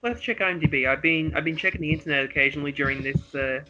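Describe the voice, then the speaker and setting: Bright-voiced man on a muffled line. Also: a little high, very fast. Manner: easygoing, chuckling, thinks aloud. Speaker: podcast co-host. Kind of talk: casual film chat.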